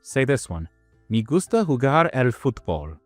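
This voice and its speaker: A man voicing a quiet, calm young male student who speaks softly but firmly. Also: mid-range voice, no echo, faint music behind, pitched above the performer's own voice. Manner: soft but firm, unhurried.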